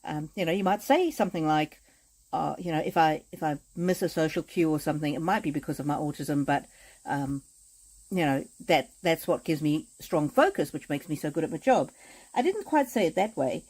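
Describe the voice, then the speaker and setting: Woman, live-stream card reader, warm mellow voice, gentle repetitive affirmations. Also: low-pitched, animated, fairly quick, breathy edge, low-quality recording. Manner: frequent hesitations and restarts. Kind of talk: live-stream chat with viewers.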